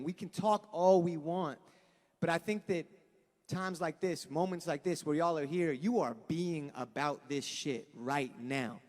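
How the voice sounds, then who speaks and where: A man's voice: a little high, measured pace. A young man from Los Angeles, a band frontman giving an earnest, rambling, profane speech to a live crowd at an outdoor event. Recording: long echoing reverb from a sound system.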